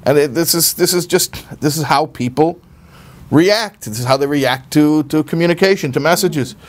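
A man teaching an informal class in a relaxed, conversational way, often repeating words as he searches for his phrasing and acting out the voices he quotes. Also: fairly high pitch, moderate pace. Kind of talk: informal Torah class talk.

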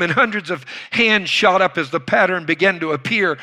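A man preaching with a bright, ringing tone and a slightly high voice. He tells his story dramatically, swinging between loud bursts and near-hushed lines. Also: normal speed, few pauses. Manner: dramatic retelling with acted quotes, loud bursts and hushed drops. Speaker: pastor. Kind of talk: sermon storytelling.

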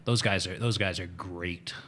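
A man's voice: low-pitched, steady tone, normal speed, fairly bright tone, slight background noise. A man co-hosting a podcast, talking casually with frequent restarts. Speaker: podcast co-host and game master. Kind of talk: casual chat.

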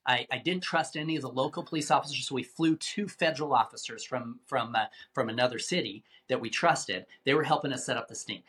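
A man telling a tense story as an interview guest, animated and given to repeating words as he talks. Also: mid-range voice, brisk, hardly any pauses. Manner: animated, acts out quoted voices, repeats words.

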